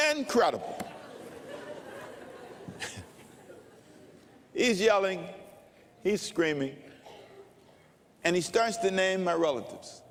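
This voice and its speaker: Slow, high-voiced older preacher. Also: male voice, big pitch swings. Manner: slow, dramatic preaching with storytelling. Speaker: pastor. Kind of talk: sermon. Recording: long reverb of a large hall.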